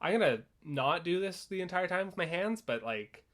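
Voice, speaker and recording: A young man giving sarcastic, animated commentary in a comedic play review. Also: high voice, moderate pace. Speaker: theater reviewer.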